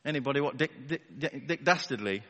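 A man's voice: medium pitch, lively intonation, fast, a bit bright, a little hiss or hum. A man preaching a sermon to a live congregation, conversational and wry, throwing rhetorical questions at his listeners over a wireless microphone. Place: church hall with a live congregation. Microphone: wireless battery microphone. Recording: long reverb of a large hall.

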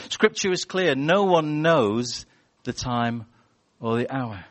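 A man preaching a sermon in a church, animated and chatty, telling stories and acting out voices. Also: mid-range voice, a little slow, few pauses. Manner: animated, storytelling with acted-out voices.

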